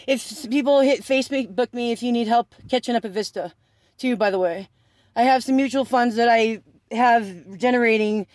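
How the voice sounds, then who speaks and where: A man's voice: very high-pitched, moderate pace, dry recording. A man telling a rambling, profane story, laughing through it and breaking into sarcastic asides. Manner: swears constantly, laughs through his story. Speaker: vlogger.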